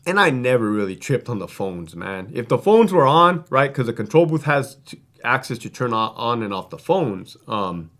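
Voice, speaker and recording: Animated profane ex-prison-guard man. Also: medium pitch, moderate pace. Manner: profane, streetwise, rambling with restarts. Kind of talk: casual storytelling.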